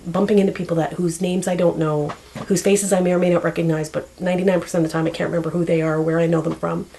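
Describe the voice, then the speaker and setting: A woman talks casually to camera. Her voice sits somewhat low and has a lot of gravelly fry. She rambles, fills pauses with ums and often searches for the right word. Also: darkish tone, a little hiss or hum, rough recording. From Canada. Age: 40s. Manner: rambling, searching for words, many fillers. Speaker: vlogger.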